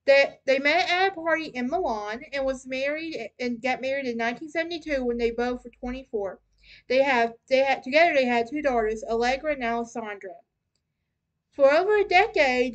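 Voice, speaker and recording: A woman's voice: high-pitched, highs cut off. A young woman hosting a casual true crime podcast, chatty and often stumbling and restarting over names. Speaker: podcast host.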